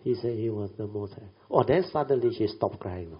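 A deep-voiced middle-aged man teaching as a Buddhist speaker, relating a family episode with many "you know" tags and bursts of laughter. The recording sounds dull and lo-fi. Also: expressive, brisk. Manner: chatty, tag questions, laughs while telling. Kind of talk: storytelling Dhamma talk.

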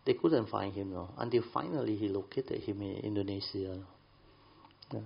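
Gravelly man. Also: lowish voice, moderate pace, lo-fi sound. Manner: rambling, frequent fillers and laughs, colloquial grammar. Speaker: speaker telling a story to a group. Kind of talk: casual storytelling.

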